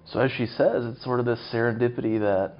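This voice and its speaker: A man speaking as an interview guest, measured and academic, thinking aloud as he explains. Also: mid-range voice, fairly even intonation, a little hiss or hum. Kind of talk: conversational interview. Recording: dull lo-fi recording.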